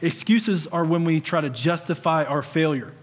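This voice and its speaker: Pastor, male, 30s, conversational sermon with humor, slightly high voice, echoing hall. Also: normal speed.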